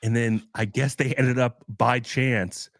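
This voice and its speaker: A man's voice: mid-range voice, steady tone, takes it slowly, no room sound, clean studio sound. A man co-hosting a podcast in casual chat, a laid-back storyteller who acts out the people in his stories. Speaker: podcast co-host.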